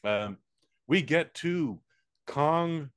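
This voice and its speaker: An American man co-hosting a podcast, reviewing a movie in casual, profane chat with quick silly voices. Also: on the high side, animated, fairly bright tone. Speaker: podcast co-host.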